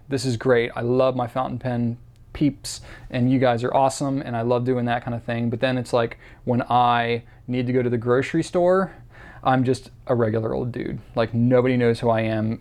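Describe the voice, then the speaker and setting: A man's voice: medium pitch, a little mellow. A man in his thirties hosting a viewer Q&A, chatting casually in a rambling, self-deprecating way with lots of fillers. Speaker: host answering viewer questions. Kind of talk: casual chat to camera.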